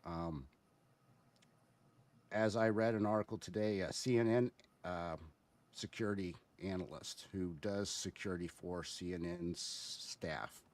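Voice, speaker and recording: A man giving casual spoken commentary as a guest, halting and explanatory, with many fillers and restarts. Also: sits low, steady tone.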